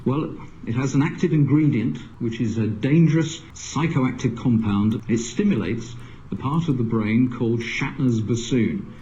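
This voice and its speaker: A man playing a deadpan presenter who gravely explains a dangerous drug, heard in a dull lo-fi played clip. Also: medium pitch, moderate pace, a little hiss or hum, natural voice.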